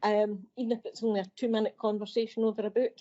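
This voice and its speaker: A woman's voice: mid-range voice, flat delivery, quick pace, mellow. A woman who works as a library assistant, describing everyday library life on a podcast. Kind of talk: podcast conversation. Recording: dull lo-fi podcast audio.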